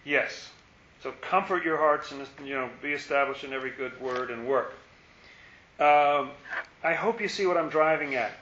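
A man's voice: on the high side, normal speed, fairly bright tone, slight background noise. Musing man leading a Bible study. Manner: musing aloud, asks rhetorical questions. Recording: roomy, dull lo-fi recording.

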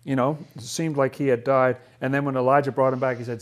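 A man's voice: mid-range voice, flat delivery, fast. A man leading a Bible study lesson. He talks thoughtfully, often restarts his sentences and asks rhetorical questions.

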